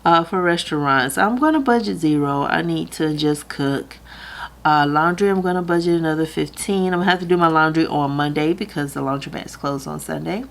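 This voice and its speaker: A woman's voice: deep voice, a little fast, gravelly. A woman, chatting casually to camera about her budget, laughing easily and close to tears at times. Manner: chatty, laughs easily, talks through her math aloud. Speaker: budgeting vlogger.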